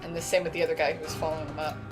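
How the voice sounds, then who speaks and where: A talkative woman chimes in as co-commentator, musing about what she hears. Her voice is a little low for a woman, with faint game music behind. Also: flat delivery, rapid-fire.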